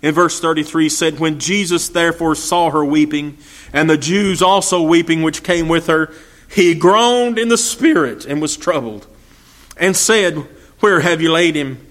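High-pitched preacher man. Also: measured pace, fairly bright tone. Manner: folksy, rhetorical questions, reads scripture in old-fashioned English. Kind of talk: sermon with scripture reading.

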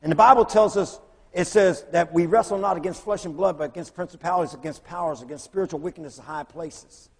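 A man preaching, telling lively stories and acting out the voices of the people in them. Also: on the high side, fast, husky. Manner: animated storyteller, acts out voices in quotes. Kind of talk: storytelling sermon. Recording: long hall reverb.

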